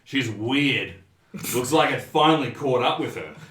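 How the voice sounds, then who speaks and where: A man voicing a big, loud male trucker who rants indignantly at everyone in a diner. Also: medium pitch, lively intonation, a little slow, distant mic, voice pushed up. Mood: scornful boasting. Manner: shouting, indignant, self-righteous ranting. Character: loud ranting burly male trucker drinking at a bar. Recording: roomy echo.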